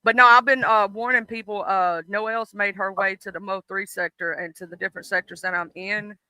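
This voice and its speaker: A man with a Southern US accent hosting a casual stream chat, animated and swearing freely. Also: high-pitched, a little fast, clean tone, dry recording. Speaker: stream host.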